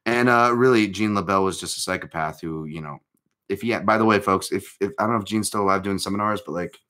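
A man with a very low voice and a bright, forceful edge hosts a live martial-arts chat. He rambles casually, stops and restarts himself, and pokes fun at himself between points. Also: quick pace. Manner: rambling, self-interrupting, lots of fillers; joking, self-deprecating. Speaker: host of a live MMA chat.

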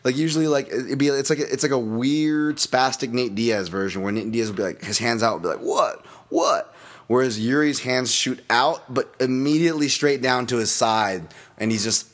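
A man hosting a solo podcast, breaking down upcoming fights in a rambling, animated and profane way. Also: medium pitch, a little fast, hardly any pauses. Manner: animated, rambling, profane, laughs at own bits. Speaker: MMA fight analyst podcast host.

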